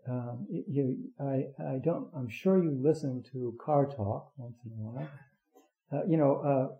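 A man giving a rambling Zen talk, halting often with fillers and restarts. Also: a little high. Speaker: Zen teacher. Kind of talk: dharma talk. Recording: roomy, dull lo-fi recording.

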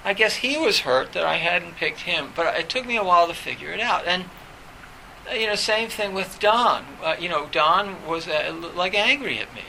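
Man, middle-aged, fairly high voice, very bright and sharp tone, reflective, candid storyteller. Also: animated, moderate pace, creaky, a little hiss or hum, low-quality recording. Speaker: professor. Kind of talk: personal recollection in conversation.

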